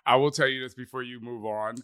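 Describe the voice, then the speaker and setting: A man's voice: mid-range voice, steady tone, fast talker, bright, forceful tone, smooth, dry recording, studio quality. A man hosting an interview, enthusiastic and eager to jump in with his own stories. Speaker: interviewer host. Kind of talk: casual interview chat.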